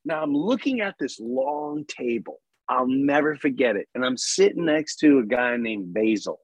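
A male podcast host, telling an animated story in casual conversation. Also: medium pitch, normal speed, creaky, no room sound. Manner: animated, acts out voices in anecdotes, laughs often.

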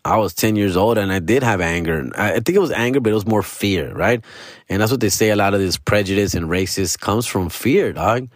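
A man's voice: lowish voice, a little fast, no echo, studio quality. A male comedian telling a story casually, profane and slangy, dropping into Spanish phrases.

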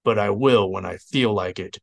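A man voicing a petty, self-important male Imperial interrogator, slow and menacing. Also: medium pitch, close to an everyday voice.

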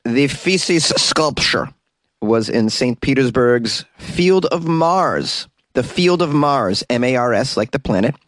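A man's voice: medium pitch, lively intonation, slow, fairly bright tone, no echo. A man hosting a comedic weird-news podcast from a small closet, reading stories and drifting into rambling, self-mocking asides. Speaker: podcast host.

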